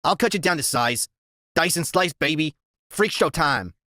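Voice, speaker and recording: A man's voice: fairly high pitch, animated, normal speed, sharp tone, no echo, studio quality. A man voicing a sneering, menacing teenage gang leader who taunts his targets. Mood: taunting.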